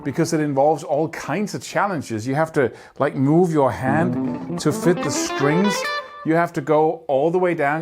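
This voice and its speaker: A man teaching guitar, explaining picking technique earnestly and emphatically, often sounding out rhythms with syllables. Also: fairly high pitch. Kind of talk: instructional talk to camera.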